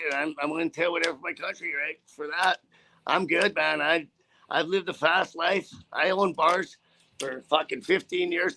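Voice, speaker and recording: A man's voice: high voice, creaky, pushed and bright, slight background noise. A middle-aged man who drives a truck, talking in a blunt, profane, rambling way with many restarts. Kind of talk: casual on-camera chat.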